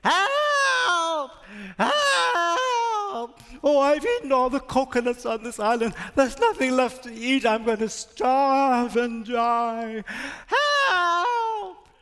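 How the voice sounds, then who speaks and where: Man doing a squealing little rat, frantic, shrill, folktale character, hall reverb. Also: steady tone, extremely slow, few pauses, fairly bright tone, smooth, full character voice. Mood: panicked. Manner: squealing, wailing, high and shrill.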